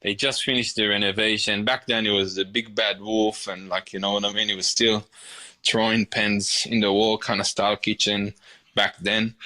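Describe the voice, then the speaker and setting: A man in his forties with an Israeli accent, a chef telling his story in a casual interview, animated and often repeating words as he restarts. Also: lowish voice, normal speed. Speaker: chef, podcast guest.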